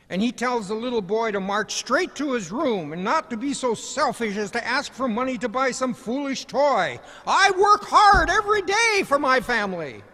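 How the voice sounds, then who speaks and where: A man giving a commencement speech, telling stories in a folksy, gently humorous way. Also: high voice. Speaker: commencement speaker. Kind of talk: ceremonial speech with storytelling. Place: commencement ceremony hall. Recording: large hall reverb.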